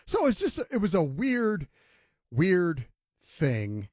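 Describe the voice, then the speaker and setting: A man's voice: high voice, huge pitch swings, takes it slowly, a little mellow, dry recording, studio quality. A man hosting a sports talk radio show, ranting emphatically and mocking others in voiced quotes.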